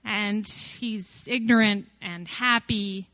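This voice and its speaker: A woman's voice: medium pitch, fairly even intonation, takes it slowly, sharp tone, no echo. A woman giving a personal testimony talk about faith, earnest and reflective, with rhetorical questions that build up.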